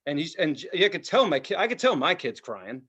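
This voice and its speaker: A man's voice: a little high, fairly quick, husky. A middle-aged man, a podcast co-host, telling a story in casual chat, heated and full of swearing. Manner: heated, profane, animated storytelling.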